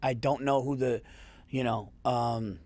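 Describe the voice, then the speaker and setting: A man's voice: medium pitch, fairly even intonation, unhurried, a little mellow, no echo. A man hosting a podcast in easygoing, casual chat. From Yonkers, New York. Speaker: podcast host.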